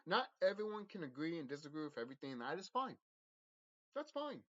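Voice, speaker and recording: A man's voice: on the high side, big pitch swings, fairly quick, a bit bright. A man vlogging a rambling spiritual monologue, intense and profane, often repeating himself and restarting his sentences. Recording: dull lo-fi audio.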